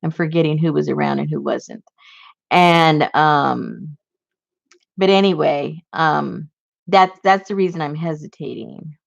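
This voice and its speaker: A woman with a low-pitched, gravelly voice chats about her crafts with viewers, rambling from thought to thought and full of fillers and restarts. The sound is dull and lo-fi. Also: unhurried. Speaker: crafting channel host. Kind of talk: casual crafting chat to viewers.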